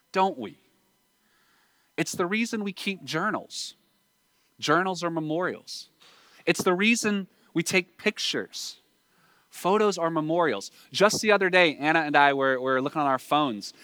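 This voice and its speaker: Bright-voiced Southern preacher man. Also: fairly high pitch, no echo. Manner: conversational, with rhetorical questions. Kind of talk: sermon.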